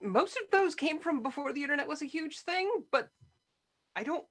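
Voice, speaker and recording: A woman from Florida chatting on a video call panel, telling stories with animated, wry humor. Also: sits high, normal speed. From Florida, USA. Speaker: guest game developer. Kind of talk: casual panel chat.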